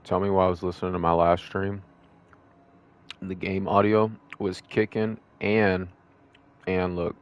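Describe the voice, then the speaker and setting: A man's voice: deep voice, level tone, a little slow, pauses often, smooth, muffled recording. A young man streaming live, chatting casually with his viewers while eating. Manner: eating while talking, munching.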